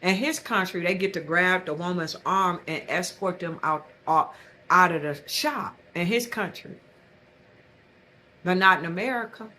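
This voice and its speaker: Brash, bright-voiced woman telling a comic story. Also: fairly low pitch, a little slow. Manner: brash, boastful, animated. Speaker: comedic storyteller.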